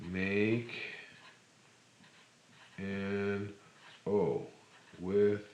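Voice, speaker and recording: A man teaching a speech sound lesson, demonstrating the sound slowly step by step. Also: low-pitched, a little mellow, roomy sound, lo-fi sound. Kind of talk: phonics lesson.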